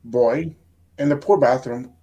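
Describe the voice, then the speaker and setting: Man, middle-aged, relaxed, casual storytelling, some Spanish phrases. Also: mid-range voice, a little slow. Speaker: podcast co-host.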